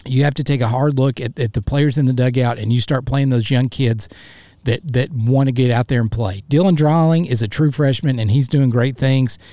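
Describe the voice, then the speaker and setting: A man hosts his own sports podcast and vents, fired up and frustrated, often tripping over his words and starting again. His voice sits in an ordinary middle pitch. The sound is dry and close, with no room around it. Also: mellow, dry recording. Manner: fired up and frustrated, stammering restarts. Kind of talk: solo sports podcast rant.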